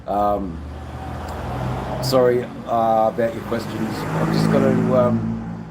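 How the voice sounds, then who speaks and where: A man's voice: steady tone, heavy background noise. An Australian man hosting a live stream, rambling and swearing freely as he greets viewers in the chat. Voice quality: deep, unhurried voice. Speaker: livestream host.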